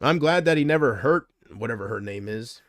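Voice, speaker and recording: A man's voice: mid-range voice, animated, a little fast, a bit bright, dry recording, studio quality. A man chatting casually on a livestream, rambling from thought to thought and often trailing off.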